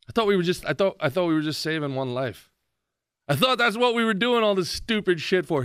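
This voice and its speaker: A man hosting his own podcast, ranting sarcastically about politics in a mocking, animated way. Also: sits high, a little fast, smooth, dry recording, studio quality. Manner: sarcastic, mocking, animated rant with shouted impressions. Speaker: podcast host.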